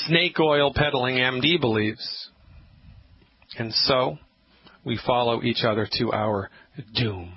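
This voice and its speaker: Emphatic male radio host, dramatic pauses. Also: mid-range voice. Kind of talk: call-in radio health talk. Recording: slightly dull radio audio with faint hiss.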